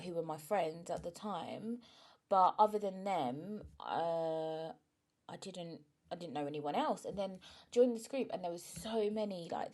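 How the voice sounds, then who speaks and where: Young female podcast host, low-ish voice, frank and chatty, emotional. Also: darkish tone. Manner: frank and chatty, often asks "do you know what I mean". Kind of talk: candid solo podcast monologue.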